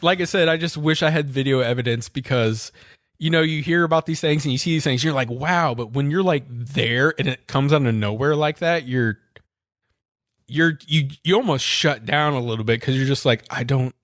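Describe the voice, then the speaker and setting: A podcast co-host with a mid-range, fairly bright voice speaks at a moderate pace in clean studio sound with no room echo. In casual chat, he tells a long, rambling story and restarts often.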